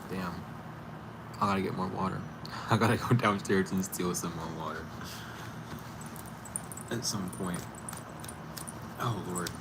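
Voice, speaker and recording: Male streamer, lowish voice, rambling casual chatter with cursing and laughs, noisy home stream audio. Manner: rambling, loose and profane, with frequent laughs. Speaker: tarot reader streaming live. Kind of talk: casual livestream chat. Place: indoors at home. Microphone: computer or camera mic for a live stream.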